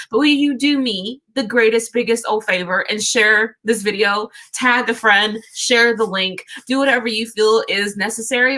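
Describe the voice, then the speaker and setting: A woman's voice: a little high, sharp tone. A woman hosting a live tarot reading stream, chatting casually and upbeat, greeting viewers by name and often restarting her phrases.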